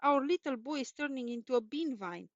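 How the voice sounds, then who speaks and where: A woman's voice: high-pitched, animated, brisk, no room sound. A woman voicing an anxious village mother who scolds her crying child, in a dull, dry recording. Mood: alarmed.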